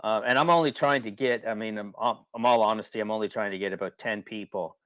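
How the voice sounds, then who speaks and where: Casting note: rambling, colloquial webinar host, a man with a lowish voice, close and dry on a computer mic. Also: fast talker, fairly bright tone, no echo. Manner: rambling, colloquial, repeats himself when worked up. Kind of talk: casual webinar talk.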